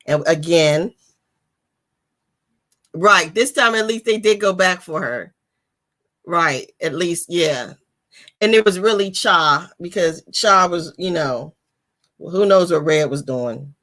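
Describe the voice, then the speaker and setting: A woman's voice: lowish voice, lively intonation, slow pace, pauses often, a bit bright. A woman hosting a live book discussion, chatting casually with slang and frequent laughter.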